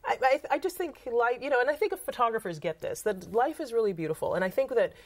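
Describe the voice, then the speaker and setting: A woman's voice: fairly high pitch, fast talker. A woman from Trinidad, a photographer and author, telling anecdotes in an interview and acting out the quoted lines. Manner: animated storyteller, acts out quoted dialogue. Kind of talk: casual interview talk.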